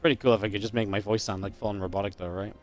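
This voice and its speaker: A man giving live play-by-play commentary on a strategy game match, chatty and upbeat with quick reactions. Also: fairly low pitch, fairly even intonation, faint music behind. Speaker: esports caster.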